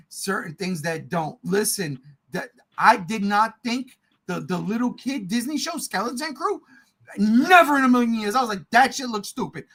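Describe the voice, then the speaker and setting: A middle-aged man co-hosting a casual podcast, ranting in a heated, profane way and often shouting. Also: sits high, low-quality recording. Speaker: podcast co-host.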